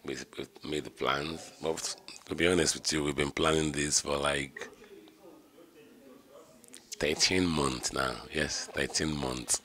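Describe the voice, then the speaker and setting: A man's voice: very deep voice, steady tone, slow, pushed and bright. A middle-aged man, the groom, speaking heartfelt and rambling about his bride in a wedding interview. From Nigeria. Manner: heartfelt, rambling with repeated "you know".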